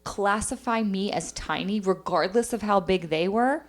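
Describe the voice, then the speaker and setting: A young adult woman co-hosting a podcast, telling a story in animated, casual chat. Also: mid-range voice, normal speed. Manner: animated storytelling, acts out quoted voices. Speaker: podcast co-host.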